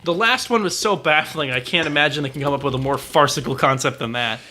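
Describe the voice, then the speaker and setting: A man's voice: on the high side, fast talker, pushed and bright, a little hiss or hum. A man co-hosting a podcast in casual chat, often stammering and repeating words as he searches for them. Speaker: podcast co-host.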